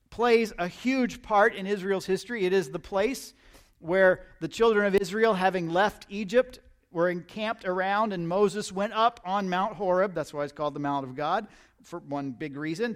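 A man preaching a sermon in a conversational, emphatic way, often repeating words as he starts a thought. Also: sits high. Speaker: pastor.

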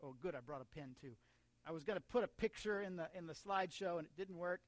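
A man's voice: sits high, fast talker, no echo. An American man preaching a sermon in a conversational way, mixing humor and asides with scripture. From United States. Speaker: pastor.

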